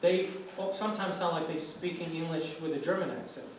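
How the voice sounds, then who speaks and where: An American English lecturer with a rather high voice talks briskly with his class in a lecture room, asking students questions in a conversational way. The classroom discussion is captured from far off, echoey, with faint noise.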